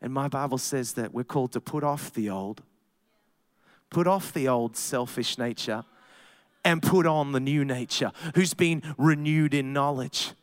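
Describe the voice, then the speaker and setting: A man preaching a sermon to a congregation, telling a personal story and building up to loud, emphatic preaching. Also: medium pitch, measured pace.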